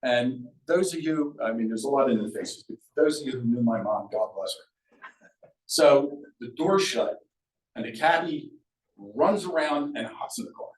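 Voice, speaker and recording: Older guy telling stories at a local talk, lively, room echo, mic kinda far. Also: medium pitch, measured pace. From Sea Isle City, New Jersey. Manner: lively and conversational, acts out quoted voices. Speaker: local speaker sharing memories. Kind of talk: public storytelling talk. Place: event room at a museum talk.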